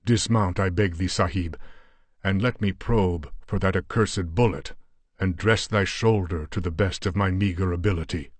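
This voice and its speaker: A man voicing a big, battered, pious Afghan warrior who speaks in a croaking voice and formal, old-fashioned phrases. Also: low-pitched, normal speed, no room sound. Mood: earnest. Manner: formal archaic speech, fervent exclamations.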